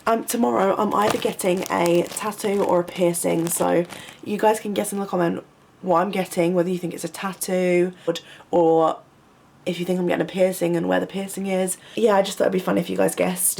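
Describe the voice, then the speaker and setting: A young woman, a university student, chatting casually in a rambling vlog from her student flat. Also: fairly low pitch, gravelly. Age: young adult. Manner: rambling, lots of "like" fillers.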